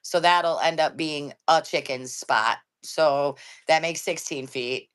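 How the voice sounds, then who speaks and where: Low-voiced blunt older woman. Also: takes it slowly, clean tone. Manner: blunt, joking, swears casually. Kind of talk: casual live-stream chat.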